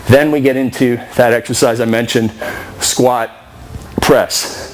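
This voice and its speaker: A man trainer explaining a workout circuit in casual talk, out of breath and slowing down as he demonstrates moves. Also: mid-range voice, fairly even intonation, slight background noise, low-quality recording. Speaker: fitness trainer.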